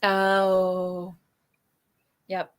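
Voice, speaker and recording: A woman's voice: medium pitch, completely flat delivery, very slow. A woman co-hosting a live online sale, chiming in with short reactions and greetings to viewers. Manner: reacts with short exclamations and laughs. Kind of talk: casual live sale chat.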